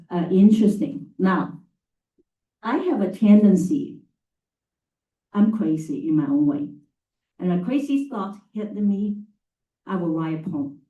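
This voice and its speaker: A middle-aged woman, a campus facilities and sustainability leader, telling anecdotes to a live audience in an animated, emphatic way. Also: mid-range voice, echoey room, far from the mic, rough recording. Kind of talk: storytelling talk to a live audience. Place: talk venue, indoors.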